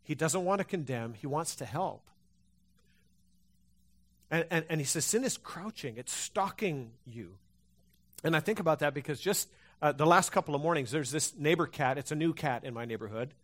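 Male pastor, fairly high-pitched, conversational sermon full of restarts and fillers to a congregation. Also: brisk, fairly bright tone. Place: church hall before a congregation.

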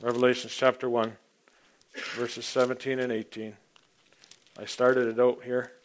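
In a rambling, informal sermon, a man often clears his throat and alternates forceful emphasis with near-silent asides. His pitch is medium, his delivery flat, and his pace a little slow.

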